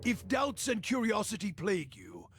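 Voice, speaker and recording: An actor voicing a guarded, bitter priest with a gravelly voice, speaking curtly and dismissively. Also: male voice, high-pitched, wildly swooping pitch, normal speed, a bit bright, exaggerated voice. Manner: curt, dismissive. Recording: game voice over game music.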